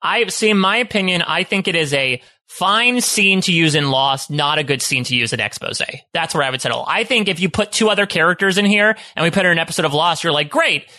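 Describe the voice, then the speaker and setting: Wry, bright-voiced male podcast co-host. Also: fairly high pitch, a little fast, hardly any pauses, dry recording. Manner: conversational, wry, recapping with a light touch. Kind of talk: casual chat, recapping episodes.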